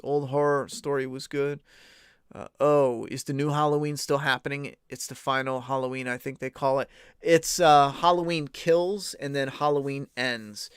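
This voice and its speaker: A man's voice: medium pitch, clean tone, dry recording, clean studio sound. Blunt, profane man chatting casually. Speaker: podcast host. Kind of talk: casual live-stream chat.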